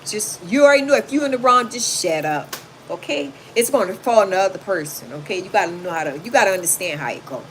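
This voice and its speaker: A woman hosting a casual livestream, telling stories straight to her viewers in a loud, animated voice that swings widely in pitch. She talks in a chatty, familiar way. A steady hiss of background noise sits under her webcam audio. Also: fast. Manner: animated, loud, talks straight to the audience and calls them y'all. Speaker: livestream host reading chat comments. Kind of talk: casual storytelling to a livestream audience. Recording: noisy home livestream.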